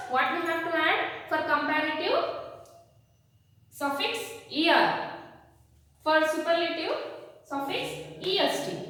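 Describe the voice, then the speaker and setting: A woman's voice: high voice, a bit bright. A woman teacher giving a grammar lesson to children, repeating each point and quizzing the class as she goes. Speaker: school teacher. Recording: echoey hall, distant mic, faint noise.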